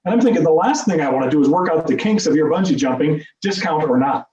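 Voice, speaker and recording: Fast-talking middle-aged man in an echoey room. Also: fairly high pitch. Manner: animated, self-deprecating humor. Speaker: speaker at a meeting. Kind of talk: personal storytelling speech. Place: meeting room. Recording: echoey, distant, dull room sound.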